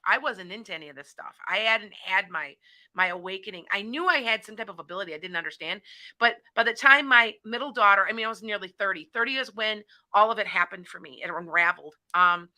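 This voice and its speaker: A woman's voice: medium pitch, sharp tone. A middle-aged woman hosting a call-in talk show, chatting in a rambling way and often restarting her sentences. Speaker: psychic radio show host. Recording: internet radio show.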